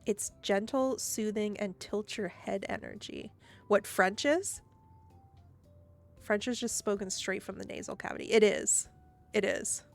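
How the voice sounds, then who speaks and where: A woman streamer speaks with a Midwestern American accent carrying a trace of the South. Her voice sits at a middle pitch, relaxed and chatty, breaking into giggles as she thinks aloud between viewer comments. Soft music plays faintly underneath. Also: a little slow, vocal fry. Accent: Midwestern American with a touch of Southern. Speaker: live streamer. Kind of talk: casual live-stream chat, reading viewer comments.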